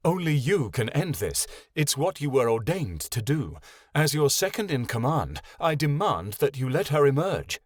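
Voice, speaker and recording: A man's voice: mid-range voice, big pitch swings, normal speed, no room sound, clean studio sound. A man voicing a stern male pegasus, second in command, speaking in a commanding, demanding way in an audiobook.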